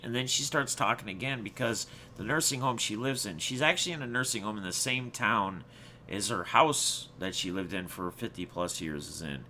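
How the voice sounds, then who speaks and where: Bright-voiced man telling a rambling story. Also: lowish voice, normal speed, slight background noise. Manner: rambling and reflective, many restarts. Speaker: channel host. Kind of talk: casual personal storytelling to viewers.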